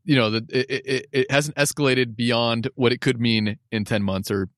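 A man's voice: medium pitch, fairly even intonation, moderate pace, a bit bright, no room sound. Male co-host, easygoing and jokey, medium voice, dead-dry studio mic. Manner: laughs often, jokey, puts on mock voices. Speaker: podcast co-host. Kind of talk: casual sports chat.

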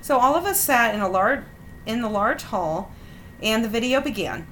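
A woman in her thirties, a podcast host, who reads stories aloud in a wry, animated way and laughs often. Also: on the high side, normal speed, a little hiss or hum. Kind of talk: reading listener stories aloud with chat.

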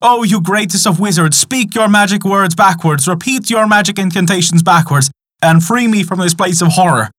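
A man's voice: fairly high pitch, sing-song, a little slow, fairly bright tone, exaggerated voice. A man voicing a young, boastful wizard who sneers and brags in a folk tale. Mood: pleading. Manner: brash and bragging.

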